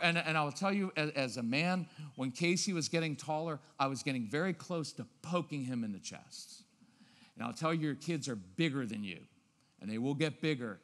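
A man giving a live parenting seminar, acting out scenes and switching between loud and quiet, low-key tones. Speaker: parenting speaker. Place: church auditorium. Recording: long reverb of a large hall.

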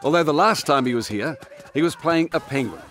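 A male reporter, narrating a TV segment and asking questions in a measured, steady way. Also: on the high side. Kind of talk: TV interview and scripted narration.

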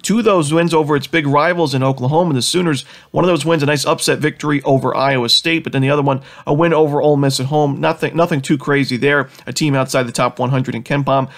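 A man with a head cold talks through his sports picks at a rapid clip, his voice nasal and pitched a little high. He sounds confident, piles up stats and leans on "you know" fillers. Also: fairly even intonation. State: has a cold. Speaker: sports betting analyst host. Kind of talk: fast sports betting picks rundown.

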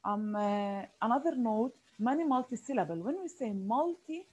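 A woman's voice: fairly high pitch, expressive, normal speed, darkish tone, breathy edge, highs cut off. A woman teaching an online phonics lesson, patiently repeating key words with frequent fillers.

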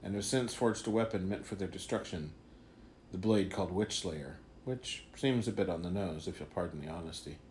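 A man voicing a calm, mysterious hooded stranger with a measured, knowing, faintly wry delivery. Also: low-pitched, a little hiss or hum, close to an everyday voice. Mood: cryptic.

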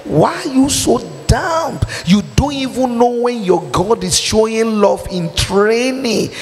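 A Nigerian man preaching an impassioned sermon, firing off rhetorical questions and shouting his points. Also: very high-pitched, takes it slowly, a little hiss or hum. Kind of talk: fiery sermon. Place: church hall. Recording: long hall reverb.

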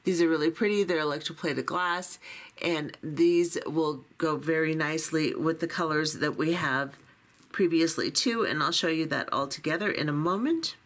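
A woman's voice: low voice, normal speed. A woman hosting a beading channel, chatting casually through an unboxing in a chatty, self-deprecating way with many fillers. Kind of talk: unboxing walkthrough, casual chat.

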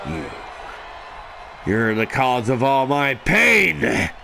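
A man commentating a let's play with shouty, melodramatic trash talk. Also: mid-range voice, sing-song, very slow, creaky, some chatter behind, slight background noise. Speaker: gameplay commentator.

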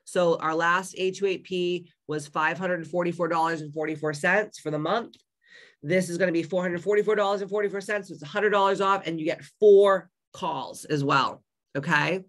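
A hoarse woman hosting an online coaching community in a casual live stream, blunt, loud and heavily profane. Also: on the low side, fairly even intonation, normal speed. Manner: loud, brash and upbeat.

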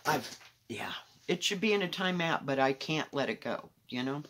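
A woman casually showing her cross-stitch projects at home, rambling candidly with soft muttered asides. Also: sits low, lively intonation, moderate pace, noisy background. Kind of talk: casual show-and-tell chat.

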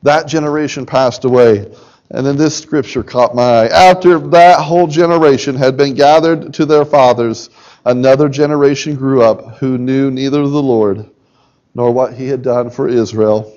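A middle-aged pastor preaching a sermon in a church, impassioned and near tears, dropping to a soft, low voice and rising to loud, urgent pleas. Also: male voice, fairly even intonation, normal speed, muffled recording. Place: church sanctuary.

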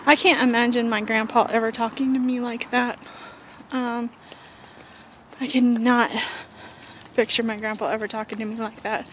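A woman's voice: on the high side, little pitch movement, normal speed, pauses often, a little hiss or hum. A woman vlogging on her porch, telling a story in a chatty, rambling way with fillers and sighs. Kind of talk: casual storytelling vlog. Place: home porch, outdoors.

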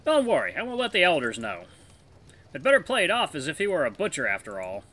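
A man's voice: on the high side, huge pitch swings, quick pace, sharp tone, voice pushed up, exaggerated voice. A man doing a jovial, sly old wolf. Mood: teasing. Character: jovial sly older male wolf merchant.

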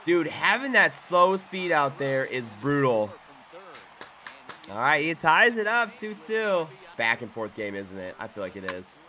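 A young man giving live gameplay commentary, muttering to himself one moment and shouting in excitement the next. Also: on the high side, unhurried. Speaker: gaming YouTuber.

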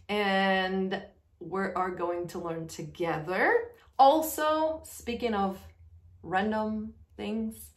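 A woman gives a casual language lesson in a bubbly, unhurried way, slowly repeating each phrase for her learners. She sits on the floor of a small nook at home. The room leaves a clear echo on her voice. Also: mid-range voice. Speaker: Polish language teacher.

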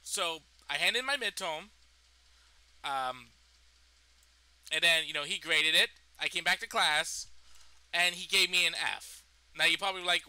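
High, bright-voiced young man telling a story. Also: lively intonation, measured pace, rough recording. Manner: rambling, profane, full of fillers and restarts. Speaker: storytime vlogger. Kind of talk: casual storytime.

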